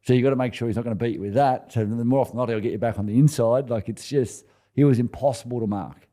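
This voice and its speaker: A man in his forties with an Australian accent, a former rugby player telling stories in a relaxed podcast interview, often restarting and chuckling. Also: medium pitch, fast talker. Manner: laid-back, chuckling anecdotes with many restarts. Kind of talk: casual storytelling interview.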